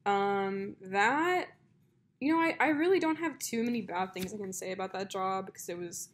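A woman's voice: medium pitch, normal speed. A young woman co-hosting a podcast, telling long stories in a casual chat, with plenty of fillers. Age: young adult. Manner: chatty storyteller, many fillers and likes. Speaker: podcast co-host.

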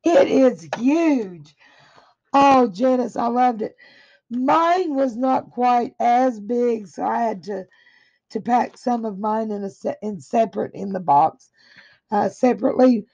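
A woman speaks slowly in a dark, gravelly, husky voice, pouring out effusive praise as she unboxes a gift. Her throat sounds a little dry. The recording is dull and lo-fi. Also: fairly high pitch. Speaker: craft vlogger opening happy mail. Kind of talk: casual unboxing chat. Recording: dull lo-fi audio.

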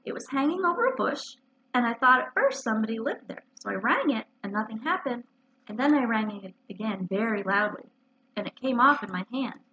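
A woman's voice: fairly high pitch, big pitch swings, fairly quick, pushed and bright, a little hiss or hum. A woman voicing a pompous, self-important male owl who loves long words, in a storybook reading on a dull lo-fi recording. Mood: chatty.

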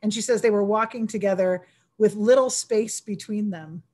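A woman's voice: mid-range voice, normal speed, darkish tone. A woman historian giving a virtual history talk, chatty and enthusiastic. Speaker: historian presenter.

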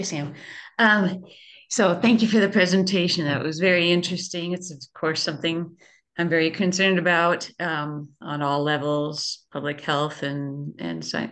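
A woman from the audience asking questions about a presentation, halting and searching for her words. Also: low-pitched, a bit bright. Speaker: audience member.

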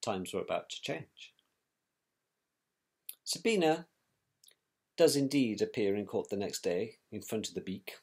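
A man's voice: lowish voice, sing-song, unhurried, creaky, pauses often, a little mellow, husky. A man recounting events about his brother, in a scornful, colloquial storytelling manner. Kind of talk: personal storytelling.

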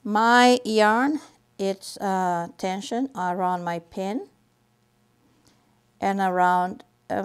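Knitting instructor, woman, unhurried delivery, patient and repetitive, walking viewers through each step. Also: medium pitch, smooth. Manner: patient, repeats steps slowly while demonstrating. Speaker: knitting teacher. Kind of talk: step-by-step craft tutorial.

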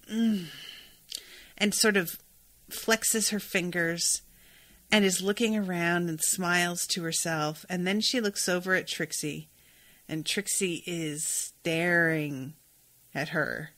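A woman's voice: lowish voice, steady tone, slow, fairly bright tone. A young adult woman hosting a podcast, recapping a TV episode in a chatty, casual way and swearing freely. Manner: chatty, swears freely, reads quoted dialogue aloud.

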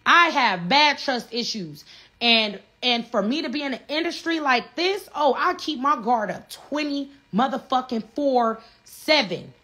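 A woman's voice: sits high, expressive, unhurried, sharp tone. A woman, a reality show cast member, ranting on a livestream in a blunt, profane way and repeating herself. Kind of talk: heated livestream rant.

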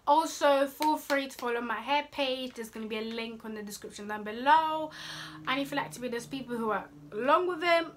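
A woman's voice: high voice, brisk, slight background noise. A young woman, giving sassy, scolding dating advice in a casual vlog. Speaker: vlogger.

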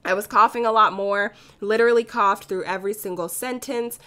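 A young woman hosts a let's play. A sore throat has made her voice hoarse, but it still sounds bright and forward. She chats in a bubbly, gushing way, like she is talking to friends. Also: mid-range voice, steady tone, fairly quick. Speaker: gaming channel host. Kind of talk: casual let's play commentary.

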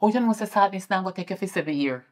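A woman with a Jamaican accent playing a fierce mother who scolds her daughter, swinging between shouting and muttering. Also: mid-range voice, rapid-fire, close to an everyday voice. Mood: scolding. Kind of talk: indie film acting.

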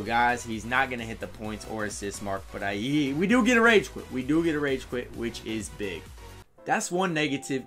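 Man, gaming commentator, hypes his plays and coaches the players on screen, soft music underneath. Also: lowish voice. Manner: excitable, talks to players on screen. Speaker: gaming YouTuber. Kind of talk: live gameplay commentary.

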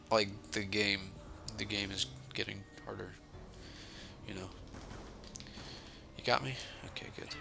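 A young man giving casual, joking commentary while playing a zombie video game, sarcastic and swinging between mumbled asides and sudden yells. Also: fairly low pitch, gravelly, slight background noise. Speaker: gaming channel host.

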